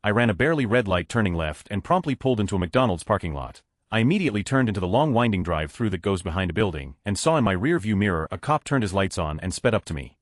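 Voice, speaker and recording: A low-voiced man narrates Reddit stories at a fast clip. His pitch moves a lot as he reads, and the recording is dry and close. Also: very animated, no echo. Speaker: story narrator. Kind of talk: reading Reddit stories aloud.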